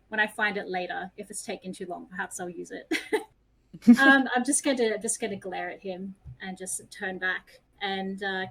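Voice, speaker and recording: A woman player chats through her character's moves in a self-deprecating way. Her voice sits at a middle pitch. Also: a bit bright, rough recording. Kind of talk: tabletop game play.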